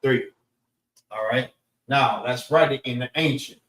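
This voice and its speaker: A man teaching a class in a slow, repeating way, often saying "all right" and sounding out words. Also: medium pitch, a bit bright. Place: class room in a library. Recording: roomy echo, voice from far off the mic.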